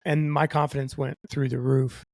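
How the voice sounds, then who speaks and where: Gravelly, profane young man telling a story. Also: medium pitch, moderate pace, dry recording. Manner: profane, animated, quotes others in his own voice. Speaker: guest. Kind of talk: casual storytelling.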